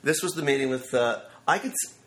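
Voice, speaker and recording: Man, fifties, screenwriter guest, lively storyteller, mid-pitched voice, roomy echoey sound. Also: fairly quick. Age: 50s. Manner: animated storyteller who acts out quotes. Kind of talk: anecdotal storytelling interview. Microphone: studio microphone.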